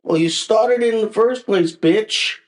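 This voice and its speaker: A man's voice: sits high, unhurried. A man hosting a podcast, delivering an emphatic, repetitive political rant. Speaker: podcast host.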